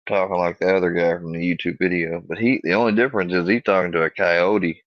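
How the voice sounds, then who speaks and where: A man rambling and cursing as he talks casually to his dog, with halting restarts, on a dull lo-fi recording. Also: sits low, steady tone.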